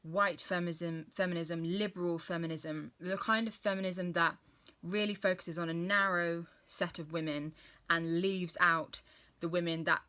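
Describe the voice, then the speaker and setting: A woman's voice: on the low side, steady tone, moderate pace, sharp tone. A young woman chatting casually and enthusiastically about books she has read, often correcting herself mid-sentence. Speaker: book vlogger. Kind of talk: casual book review chat.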